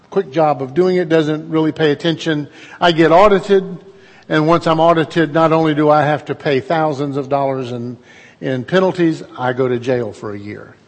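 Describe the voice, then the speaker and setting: A man's voice: a little high, a little slow, long reverb tail. A middle-aged man, preaching a conversational sermon in a folksy, storytelling way and putting questions to his listeners.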